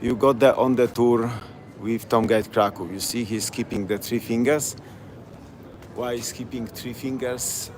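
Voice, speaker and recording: Speaking a little slowly in a mid-range voice with fairly even intonation, a man leads a live-streamed walking tour outdoors on nighttime city streets. His English is broken and chatty with a Polish accent, he repeats place names along the way, and street noise runs behind him.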